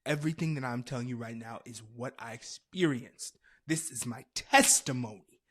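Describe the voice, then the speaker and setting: A man hosting a podcast, telling a comedic story in a dramatic, animated way with frequent laughter. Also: mid-range voice, moderate pace. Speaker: podcast host.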